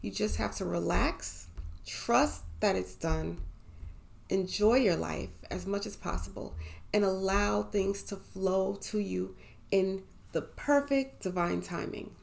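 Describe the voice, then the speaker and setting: Woman host with a gravelly edge, upbeat and affirming, self-help talk to camera. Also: mid-range voice, slow pace, darkish tone. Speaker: manifestation coach and channel host.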